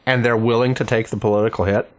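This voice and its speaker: A man co-hosting a casual political chat, calmly explaining things in a measured way. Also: fairly low pitch.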